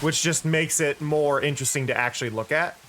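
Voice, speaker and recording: A man's voice: fairly high pitch, brisk, fairly bright tone, a little hiss or hum. A tired-sounding man streaming a game, thinking aloud in casual commentary with frequent restarts. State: tired, yawning.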